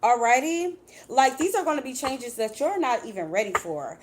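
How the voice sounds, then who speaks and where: A woman's voice: fairly high pitch, animated, normal speed, noisy background. A woman doing a casual tarot reading for her viewers, chatty and blunt, swearing freely and calling them "baby.". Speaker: tarot reader.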